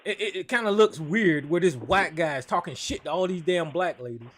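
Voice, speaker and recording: Man, high voice, call-in host, blunt, profane, stammering. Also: a little fast, fairly bright tone. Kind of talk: casual call-in talk.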